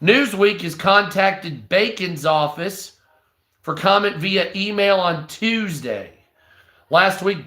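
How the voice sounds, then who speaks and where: A man's voice: high-pitched, sharp tone, roomy sound. A stoned man reading news aloud on a live stream, breaking off into profane, hostile, sarcastic rants.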